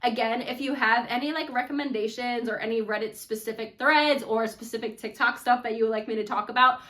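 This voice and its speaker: A woman's voice: a little high, steady tone, fairly quick, bright, forceful tone. A woman hosting a casual reaction chat, talking in a chatty, gushing way with lots of "like" fillers. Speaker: host.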